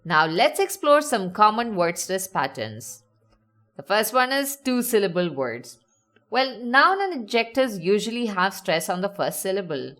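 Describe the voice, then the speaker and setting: A woman giving a scripted educational narration, upbeat and instructive, slowing down to stretch words for emphasis. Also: on the high side, big pitch swings, fairly bright tone. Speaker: teacher.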